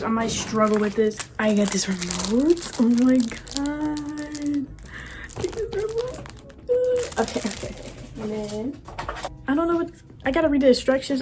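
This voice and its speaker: A woman vlogging casually from her room, excitable and gushing as she talks to her viewers. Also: on the high side, a little fast, noisy background. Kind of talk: casual vlog chat.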